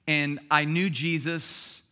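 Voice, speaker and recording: A middle-aged man preaching a sermon as pastor, conversational and lively, with sudden bursts of excited shouting. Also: a little high, slow, clean tone.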